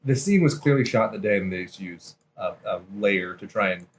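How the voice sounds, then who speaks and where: Man, podcast co-host, jokey banter, interrupts with gags, mid-pitched voice, faint hiss behind. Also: lively intonation, brisk. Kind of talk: casual podcast chat.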